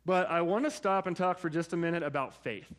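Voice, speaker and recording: A man preaching a sermon in a conversational way, often checking in with his listeners through quick asides. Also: on the high side. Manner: conversational, frequent "right?" and "like" asides. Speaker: pastor.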